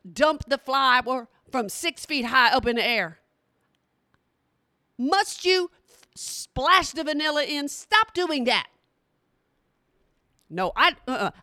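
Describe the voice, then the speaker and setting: A woman's voice: high voice, bright, forceful tone, no echo, studio quality. A middle-aged woman, talking bluntly and playfully straight to her audience in a casual comedic monologue. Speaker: vlogger.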